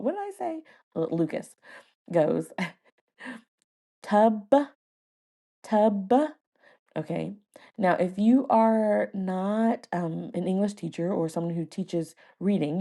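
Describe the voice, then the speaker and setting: A woman hosting a casual podcast, spinning a story from her classroom. Her voice sits a bit low and mellow, and she laughs often as she acts out the words she teaches. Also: gravelly. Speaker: podcast host and first-grade teacher.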